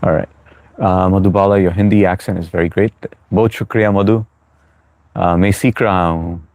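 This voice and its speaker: A man's voice: sits low, little pitch movement, very fast, darkish tone, no echo. An American-born man hosting a live chat Q&A, chatty and reassuring, with many fillers as he answers viewers. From United States. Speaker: livestream host. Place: New York.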